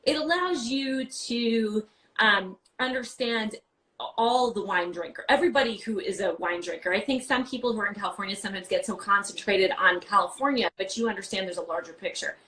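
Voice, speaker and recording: A woman in her forties from New York, chatting animatedly as a guest on a video-call interview, full of quick asides and "like" fillers. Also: medium pitch, pushed and bright, low-quality recording. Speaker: guest, wine podcast host. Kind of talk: casual interview chat.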